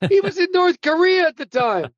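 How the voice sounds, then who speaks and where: High-voiced animated male storyteller. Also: moderate pace, no room sound, lo-fi sound. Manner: animated storyteller who acts out quotes and laughs at his own punchlines. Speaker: guest, sportswriter and author. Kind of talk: casual storytelling interview.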